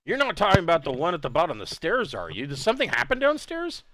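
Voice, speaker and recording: A man's voice: a little high, huge pitch swings, quick pace, a bit bright, voice pushed up. A man voicing a startled adult male manor guard who fires off alarmed questions.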